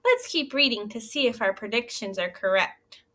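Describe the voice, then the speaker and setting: A woman teaching young children in a recorded lesson, reading a story aloud and asking gentle, encouraging questions. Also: fairly high pitch, lively intonation, normal speed. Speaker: elementary school teacher.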